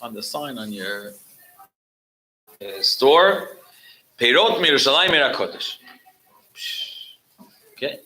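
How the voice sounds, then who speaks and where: A man's voice: medium pitch, takes it slowly, pauses often, poor audio. A man speaking as guest rabbi at a religious gathering, telling stories with frequent restarts and Yiddish and Hebrew words mixed in. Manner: animated storyteller, mixing in Yiddish and Hebrew words. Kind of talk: storytelling talk at a religious gathering.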